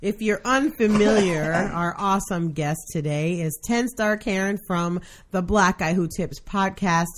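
A woman from Brooklyn hosting a podcast in casual chat, excitable and quick to laugh. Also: medium pitch. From Brooklyn, New York. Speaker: podcast host.

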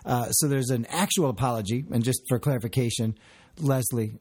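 A man co-hosting a podcast in casual chat, animated and often laughing as he acts out quotes. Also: mid-range voice, fairly quick, breathy edge. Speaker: podcast co-host.

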